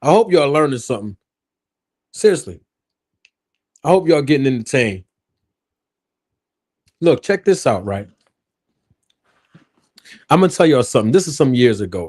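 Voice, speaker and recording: Animated man hosting a live stream. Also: mid-range voice, a little slow, pauses often, husky. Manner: animated, joking, talks straight to his chat. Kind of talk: casual live stream chat. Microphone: own streaming microphone.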